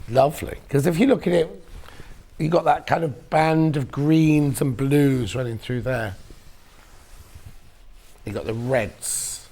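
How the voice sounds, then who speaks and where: A man's voice: a little high, takes it slowly, pauses often, dark tone. A man presenting fabrics on a shopping channel in casual on-air chat, reading viewer messages aloud. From United Kingdom.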